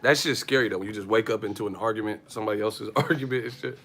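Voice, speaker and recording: Bright-voiced man ranting on a livestream. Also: lowish voice, racing, a little hiss or hum. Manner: profane, animated storytelling with frequent laughter. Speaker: boxing livestream host. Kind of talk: casual livestream rant.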